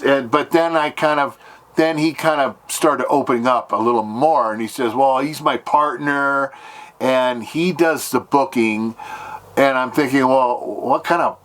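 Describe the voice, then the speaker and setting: A man's voice: medium pitch, a bit bright. Rambling man retelling a gig hunt. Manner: acts out both sides of conversations, voice jumping up when quoting. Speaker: solo gigging musician vlogger. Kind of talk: rambling casual storytelling.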